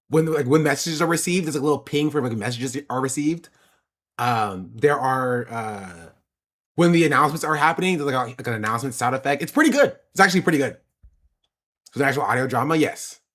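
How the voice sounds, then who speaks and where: Chatting casually with his stream audience, a man answers their questions as they arrive. His expressive, slightly bright voice moves a little fast with wide pitch swings. He laughs a lot and repeats himself to hammer points home.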